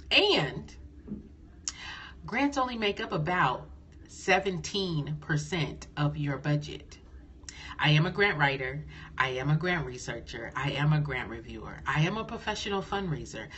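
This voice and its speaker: A middle-aged woman coaching nonprofits on a phone live stream, lively and folksy, repeating phrases for emphasis. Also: lowish voice, slight background noise.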